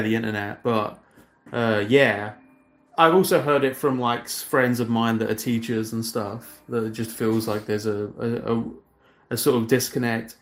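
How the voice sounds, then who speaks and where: A man's voice: medium pitch, fairly bright tone. A British man of thirty-one chatting casually on a livestream, rambling and self-deprecating, with many fillers and restarts. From Britain. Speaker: streamer.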